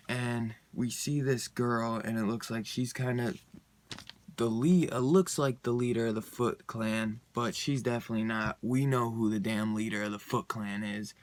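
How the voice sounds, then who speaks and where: A man's voice: medium pitch, steady tone, a little slow, no room sound. A young man giving a rambling, casual comic book review, full of fillers and laughing often.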